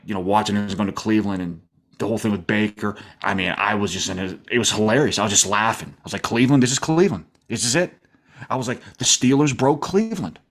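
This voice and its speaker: A man co-hosting a casual sports podcast, telling stories in an animated, laughing, exaggerated way. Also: fairly low pitch. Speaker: podcast co-host.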